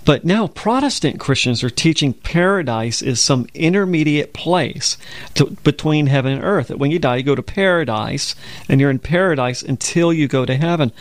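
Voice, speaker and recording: Gravelly-voiced man co-hosting Bible talk. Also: on the high side, expressive, normal speed, no echo. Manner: conversational storytelling, explains scripture step by step. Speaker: co-host of a Bible program. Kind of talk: religious broadcast discussion.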